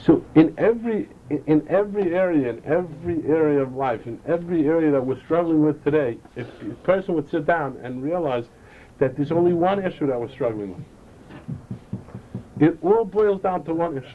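A man delivers a Chassidic lecture in a fairly high voice, repeating and restarting phrases as he goes. The recording is dull and lo-fi, with a faint hiss behind him. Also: lively intonation, a little fast.

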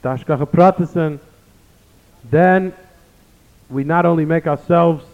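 A man's voice: fairly high pitch, a little slow. A man giving an earnest sermon, telling stories and weaving in Hebrew phrases. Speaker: rabbi giving a talk. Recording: tinny phone-like sound in a reverberant hall.

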